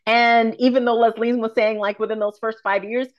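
Frank, expressive woman coach, slightly muffled. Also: fairly high pitch, fairly quick. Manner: frank, expressive, swears freely. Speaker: podcast guest, confidence coach. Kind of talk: casual podcast conversation.

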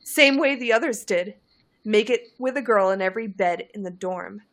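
A woman's voice: medium pitch, moderate pace, a bit bright. A woman reading the lines of a boastful, gossiping teenage boy wizard in a fan story. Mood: smug. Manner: conspiratorial, bragging storyteller.

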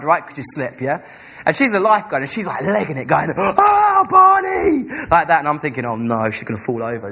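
A young man preaching a sermon, telling a story with animated, acted-out dialogue. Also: on the high side, husky.

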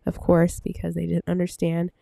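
A Bible teacher talks casually into a desk microphone, rambling with lots of fillers and self-corrections and sounding a little out of breath. Her voice is fairly low, gravelly and dark, delivered in a monotone at a moderate pace. There is no room sound.

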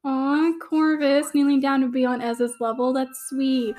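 A woman's voice: high voice, moderate pace, hardly any pauses, faint music behind, low-quality recording. A young woman hosting a podcast, chatting casually through a watch-along commentary, gushing and full of fillers. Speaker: podcast host.

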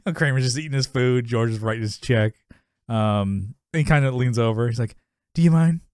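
A man's voice: mid-range voice, moderate pace, darkish tone, clean tone, no echo, studio quality. A man co-hosting a podcast, recapping a sitcom episode in casual chat, rambling, laughing often and acting out quotes.

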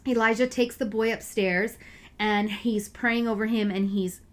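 A woman's voice: a little high, steady tone, measured pace. A woman giving a casual, earnest Bible reflection, chatty and full of filler words. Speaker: Bible study speaker.

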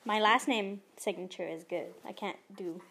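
A young woman chatting casually, gushing and excitable, full of fillers. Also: medium pitch, moderate pace, gravelly, a little hiss or hum. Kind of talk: casual chat.

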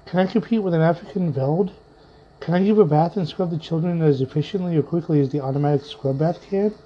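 A man's voice: a little high, brisk, husky. A man voicing an anxious, frightened wife in a read-aloud story, speaking in a pleading manner. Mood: distraught. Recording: muffled lo-fi with faint music.

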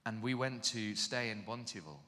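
A man preaching in an animated, self-mocking storytelling way, heard in a reverberant hall. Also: fairly low pitch, a little fast. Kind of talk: storytelling sermon.

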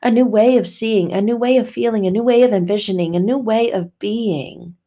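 A woman's voice: fairly high pitch, normal speed, warm tone. Emphatic woman giving an inspirational faith talk. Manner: emphatic, repetitive, casual with occasional swearing. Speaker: faith podcast host.

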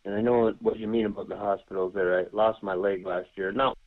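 A man's voice: fairly low pitch, level tone, a little fast. An older retired man calling in to a show, friendly and plain-spoken. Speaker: caller. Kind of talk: phone-in call. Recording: tinny phone line.

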